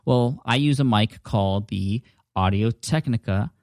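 Chatty podcast guy, lowish voice, dry close mic at home. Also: a little slow, darkish tone, dry recording. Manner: upbeat, chatty. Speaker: podcast host. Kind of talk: casual podcast talk. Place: home office. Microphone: studio dynamic mic at a desk.

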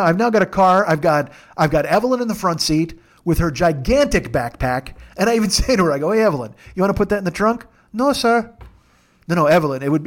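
A man with a noticeably high voice spins a casual comedic story. He swears freely and jumps into quick, animated voices for each person in the tale. He records at a friend's house. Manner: profane, animated, acts out dialogue in quick voices.

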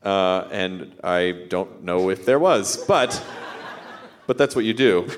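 A man hosting a live comedy podcast, joking and self-deprecating with quick asides. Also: low-pitched. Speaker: podcast host. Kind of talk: casual comedic podcast chat. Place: live stage before audience.

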